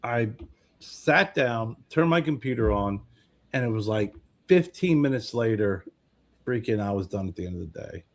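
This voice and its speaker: A man co-hosting a podcast in casual chat, talking in a relaxed, rambling way and swearing casually. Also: on the low side, moderate pace. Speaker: podcast co-host.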